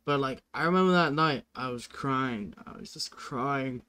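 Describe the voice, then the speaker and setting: A man's voice: medium pitch, moderate pace, pushed and bright. A man hosting a music reaction video, chatting casually and earnestly, rambling with lots of "like" and "you know".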